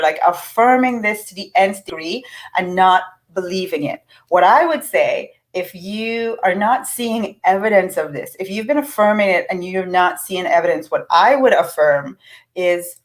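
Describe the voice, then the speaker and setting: A woman's voice: medium pitch, normal speed, low-quality recording. A middle-aged woman giving a casual, earnest teaching talk on affirmations. She is encouraging and often restarts her sentences.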